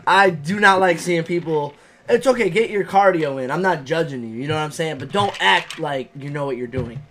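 Young male co-host, fairly high voice, animated storyteller who curses freely. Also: brisk, a little hiss or hum. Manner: animated, profane, acts out his own reactions. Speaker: podcast co-host. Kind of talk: casual chat.

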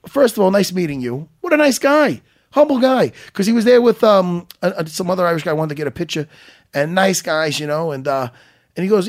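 Animated, excitable man telling stories. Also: high-pitched, quick pace. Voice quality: excitable, swearing, animated storyteller. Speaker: radio show co-host. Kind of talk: casual chat.

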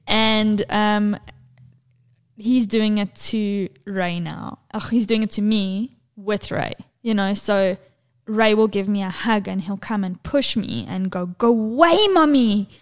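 A woman, co-hosting a podcast and telling lively, sweary stories about her toddler. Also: mid-range voice, takes it slowly, smooth. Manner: animated storyteller, swears freely, mimics her toddler's voice. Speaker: podcast co-host. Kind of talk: casual podcast chat.

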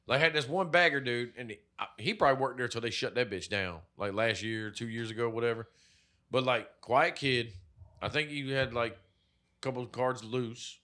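A young man in casual chat, telling rough, profane stories about old jobs and acting out what people said. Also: medium pitch. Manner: profane, animated storyteller acting out quotes.

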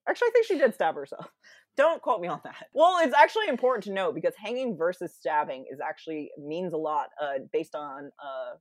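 A woman's voice: lowish voice, sing-song, fairly quick, no room sound. A young woman retelling a Greek tragedy in a casual, chatty way, with lots of fillers and little acted-out quotes.

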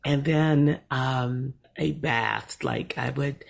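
Low husky-voiced woman, slow and sultry. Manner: sultry, relaxed storytelling with laughs. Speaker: podcast co-host. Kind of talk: casual chat.

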